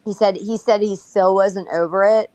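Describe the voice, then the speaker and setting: A woman's voice: medium pitch, steady tone, normal speed, mellow, dry recording, highs cut off. A woman telling her story bluntly and profanely in a casual livestream talk. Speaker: guest.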